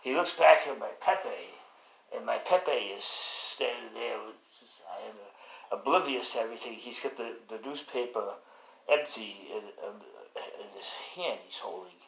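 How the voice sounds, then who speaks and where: A man's voice: mid-range voice, a little slow, creaky, a bit bright, echoey room, low-quality recording. A man casually telling a rambling family story, full of asides and restarts.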